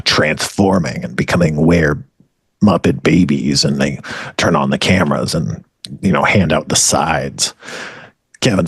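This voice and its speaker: A very low, husky male voice rolls through a rambling comic bit, boasting with deadpan swagger. The sound is dry and close, with no room around it. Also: no echo. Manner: deadpan absurd storytelling with swagger. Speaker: comedy podcast co-host. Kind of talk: improvised comedic bit.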